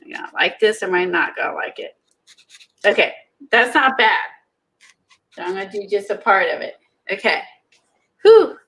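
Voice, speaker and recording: A woman chatting casually while making art, gushing and excitable, often breaking into giggles. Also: medium pitch, moderate pace, long pauses, rough recording. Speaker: co-host making mixed media art. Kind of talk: casual chat while crafting.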